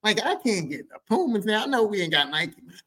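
Male podcast host, profane comic storyteller, lively, slightly high voice. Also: fast. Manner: profane, animated, rambling. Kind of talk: comedic personal storytelling.

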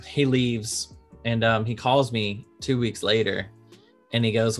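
A man's voice: on the low side, measured pace, soft background music. A man in his thirties, an insurance attorney, talking casually in a podcast interview and acting out dialogue as he tells stories. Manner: animated storyteller, acts out quoted dialogue.

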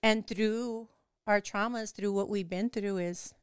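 A woman's voice: mid-range voice, steady tone, a little slow, smooth, dry recording, clean studio sound. A young woman candidly recounting a painful personal experience, emotional and swearing freely, with lots of filler words. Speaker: guest telling her story. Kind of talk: candid personal storytelling, casual chat.

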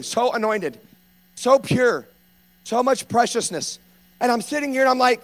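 A man preaching a sermon, telling stories in a rambling, animated way that rises to fervent preaching. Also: extremely high pitch, measured pace, long pauses. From North Louisiana. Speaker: pastor and hospice chaplain.

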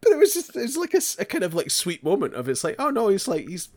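A man's voice: sits high, huge pitch swings, fast, a little mellow. A man co-hosting a podcast, chatting casually as he recaps a show, swearing freely and acting out the characters' lines. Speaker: podcast co-host.

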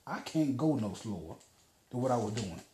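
A man rants through a casual story as a podcast host, swearing freely and wandering between fillers. His voice is dark and mellow. The room around him is echoey. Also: mid-range voice, expressive, moderate pace, a little hiss or hum. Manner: profane, rambling, lots of fillers.

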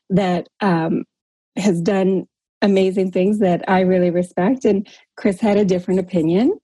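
A woman leads a group call in a casual coaching manner. Her voice is breathy and warm-toned, and the sound is dry and close. She keeps things encouraging, tagging her points with a questioning "right?". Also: medium pitch, dry recording. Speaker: workshop leader on a group call. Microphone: call audio.

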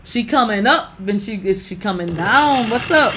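A woman's voice: medium pitch, animated, moderate pace, hardly any pauses, background noise. A young woman giving brash, profane gossip commentary, talking straight to her viewers. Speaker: commentary vlogger.

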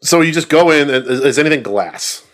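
A man's voice: a little high, animated, fairly quick, fairly bright tone. A man co-hosting a casual podcast chat, laughing often and swearing freely. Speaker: podcast co-host.

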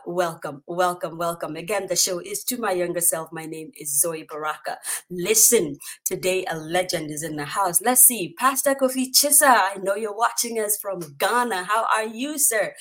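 A woman in middle age hosts a livestreamed talk show with an animated, playful delivery. Her voice sits slightly low in pitch, and she moves briskly from one greeting to the next before she introduces her guest. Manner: animated, playful, greets viewers in many languages.

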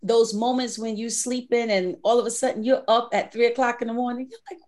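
A woman's voice: a little high, fairly quick. A woman from the Bronx co-hosting a faith podcast, talking animatedly and acting out conversations with God. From the Bronx, New York. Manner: animated, acts out inner dialogues with God. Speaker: podcast co-host. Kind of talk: faith-based casual podcast chat.

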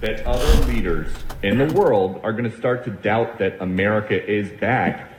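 A male reporter presses a question in a persistent, pointed way. His voice sits mid-pitch and echoes around a roomy space. A faint hiss sits under the clip. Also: moderate pace.

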